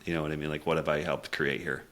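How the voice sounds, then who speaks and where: A man's voice: extremely low pitch, flat delivery, quick pace. A middle-aged man, a communication coach, telling a candid personal story in an earnest, reflective way. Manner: earnest, reflective, drops quiet for emotional moments.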